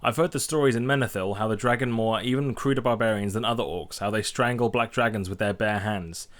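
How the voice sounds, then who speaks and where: A man's voice: fairly low pitch, a bit bright, lightly acted. A man reading as a hearty folksy quest-giver. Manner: reading game quest text aloud with hearty folksy delivery.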